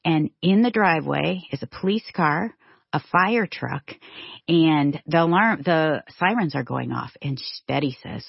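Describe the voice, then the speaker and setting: Middle-aged woman storyteller, low gravelly voice, animated, dull dry lo-fi sound. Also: unhurried, dry recording. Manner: animated, acts out voices in quotes. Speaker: guest storyteller. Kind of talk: casual chat telling a personal story.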